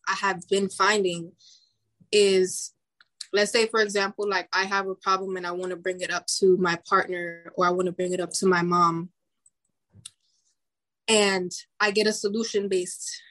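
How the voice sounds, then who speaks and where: A woman's voice: medium pitch, a bit bright. A young woman in casual podcast chat, talking in an earnest, reflective way with many likes and restarts. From Dominican heritage.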